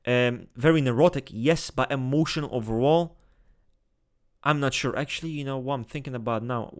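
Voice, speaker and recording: A man's voice: mid-range voice, moderate pace. Blunt, profane man ranking personality types. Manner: blunt, profane, excitable, talks straight to viewers. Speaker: typology video host. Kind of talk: casual tier-list commentary.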